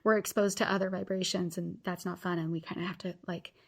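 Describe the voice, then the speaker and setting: A woman in her thirties hosts a motivational podcast with a husky, breathy voice that sits a little low. She speaks earnestly and encourages her listeners directly. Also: level tone, fast. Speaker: podcast host.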